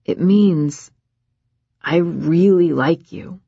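A woman's voice: lowish voice, drawn-out words, gravelly, breathy edge, dry recording, full character voice. A woman voicing a hesitant, earnest young man apologizing and asking for another chance, on dry, slightly muffled audio.

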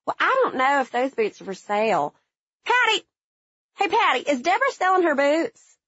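A sweet older desk clerk with a Southern US twang, as a woman puts her on, drawling in a high, sing-song voice. She is heard on a dull, dry recording. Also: big pitch swings, moderate pace, a bit bright, no room sound. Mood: surprised. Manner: drawling, folksy. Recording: slightly dull, dry lo-fi audio.

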